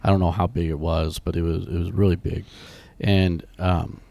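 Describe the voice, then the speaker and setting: A man co-hosting a ministry podcast in casual chat, talking in loose, restarting sentences while his voice is rough from being sick. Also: sits low, flat delivery, moderate pace, a little mellow, dry recording. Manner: rambling, many restarts and fillers. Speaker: podcast co-host.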